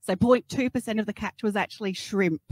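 A woman education coordinator asking the panel a clear question, citing figures. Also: medium pitch, a little fast, a little mellow. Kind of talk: casual panel chat.

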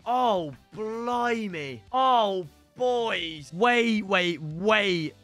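A young man commentating excitedly on his own video game stream, shouting between calm stretches. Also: sits high, very slow, hardly any pauses, soft background music. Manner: excitable, shouts and swings between hype and frustration.

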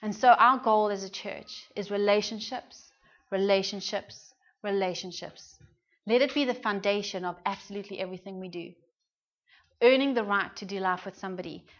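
A woman's voice: mid-range voice, fairly bright tone, highs cut off. A woman with a British accent preaching a sermon in an earnest, conversational way, often asking her listeners questions. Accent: British English. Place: church hall.

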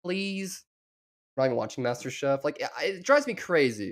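A young Southern man with a Southern accent streams himself reacting to a show, rambling crudely and mocking it in profane commentary. His voice is a little high and sing-song, at a normal speed.

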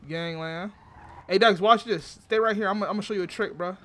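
Bright high-voiced man, brash banter. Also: fairly quick, slight background noise. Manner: brash, joking trash talk. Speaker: roleplay gamer. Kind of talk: casual game roleplay banter.

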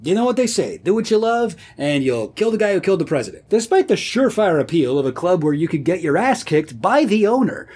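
A man who hosts his own video series, narrating history in a comedic scripted style with sardonic deadpan asides. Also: high-pitched, a little fast, hardly any pauses, husky. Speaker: video host.

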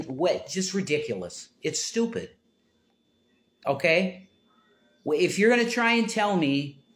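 A middle-aged man talking in a rambling, casual monologue, trailing into mumbles and then rising into loud exasperation. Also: high-pitched. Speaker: political commentator.

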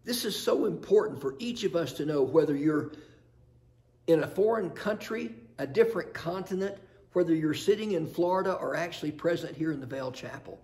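A man's voice: a little high, lively intonation, normal speed, a little mellow. Earnest male pastor preaching. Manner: earnest, storytelling, rhetorical questions. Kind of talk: sermon. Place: chapel.

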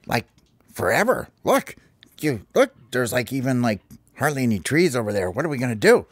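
A man's voice: mid-range voice, big pitch swings, no echo. A man voicing young skateboarding birds in a bedtime-style story, talking loosely with lots of "like". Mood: puzzled. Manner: casual, drawn-out, full of "like".

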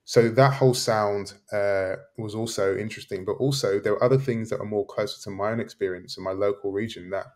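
A man's voice: on the low side, fairly even intonation, fairly quick, hardly any pauses, darkish tone. A man, a professor guest, answering thoughtfully and reflecting on memories. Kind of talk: interview.

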